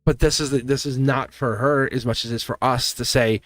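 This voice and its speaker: A man of middle pitch talks loosely to viewers during a live tarot reading. He rambles and laughs often, and faint music plays behind him. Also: fairly even intonation, a little fast, a bit bright, dry recording. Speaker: tarot reader hosting a live stream. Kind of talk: casual live-stream chat.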